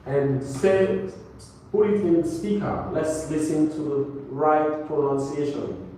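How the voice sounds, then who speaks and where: A man teaching English pronunciation in a classroom, pitched a little high and speaking very slowly. He repeats every word deliberately for his students. He is picked up from far off in a very echoey room with a faint hiss behind him. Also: steady tone, mellow. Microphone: distant camera mic.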